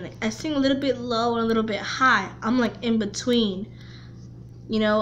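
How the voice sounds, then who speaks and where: A woman vlogger chatting casually to camera, talking haltingly with frequent restarts and repeated words. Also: on the high side, fairly bright tone, slight background noise.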